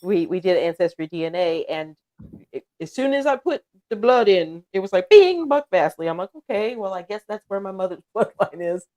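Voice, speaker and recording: Speaking fairly quickly in a lowish, slightly mellow voice, a woman from the US hosts a relaxed livestream. She chats openly, laughs often, and reads out what her viewers write.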